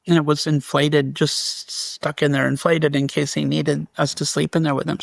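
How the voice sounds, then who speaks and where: Man, interview guest, animated storyteller, gravelly voice, dry close mic. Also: on the high side, no room sound. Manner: animated, restarts and reenacts dialogue. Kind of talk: storytelling in conversation.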